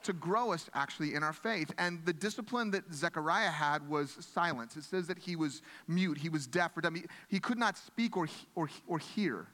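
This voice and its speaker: Man, pastor, sermon, earnest and conversational, slightly high voice, long hall reverb. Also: moderate pace, hardly any pauses, a bit bright. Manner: earnest, conversational, with frequent restarts.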